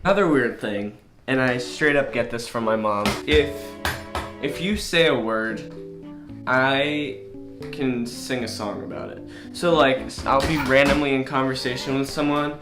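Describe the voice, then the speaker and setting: A man's voice: medium pitch, measured pace. A young man in his late teens chatting casually to camera, rambling and poking fun at himself. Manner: rambling, self-mocking, goofy. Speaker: vlogger. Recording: echoey room with guitar music.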